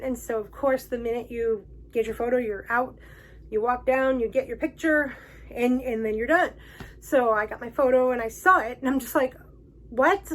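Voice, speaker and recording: A woman with a slightly high voice hosts her own vlog, recounting a personal story in a gushing, emotional manner. She laughs frequently between words, and the recording quality is low.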